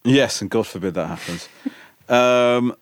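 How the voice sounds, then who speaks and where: A man's voice: medium pitch, a little slow, smooth, dry recording, studio quality. A man co-hosting a podcast, teasing his friend and arguing his point wryly. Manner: wry, argumentative, teasing. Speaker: podcast co-host. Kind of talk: casual chat.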